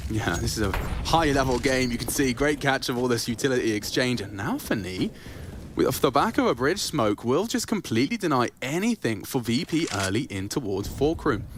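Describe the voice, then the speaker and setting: A man's voice: medium pitch, background noise. A man giving live color commentary on an esports match, breaking down the teams' tactics in a chatty, analytical way.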